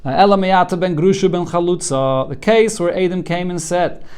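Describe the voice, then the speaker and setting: A man's voice: high voice, moderate pace, a little mellow, clean tone. A man, a rabbi, teaching a Talmud class, walking students through the text line by line in an earnest way, often repeating a word as he starts a thought.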